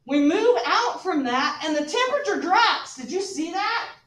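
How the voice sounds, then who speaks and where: A woman teacher lecturing her class, animated and joking with her students, recorded from a distance in a classroom. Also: extremely high pitch, moderate pace. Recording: echoey classroom from far off.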